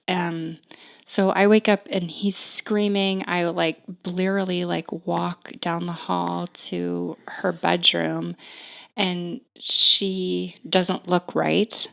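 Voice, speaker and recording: A woman in her thirties telling a personal story as a podcast guest, unhurried and full of "like" fillers and restarts. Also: on the low side, vocal fry.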